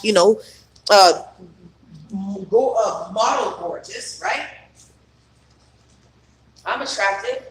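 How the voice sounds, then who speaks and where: A man's voice: sits high, bright, forceful tone, slight background noise. A man coaching on trauma healing in a rambling, emphatic spiritual self-help monologue full of fillers.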